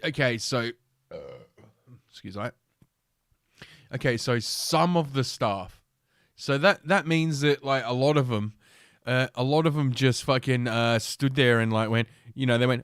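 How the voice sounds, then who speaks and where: A man's voice: mid-range voice, a little slow, a bit bright, clear, resonant tone, dry recording, studio quality. Crude rambling male podcast host. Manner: crude, rambling, many fillers. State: drinking while talking. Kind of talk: casual solo podcast talk.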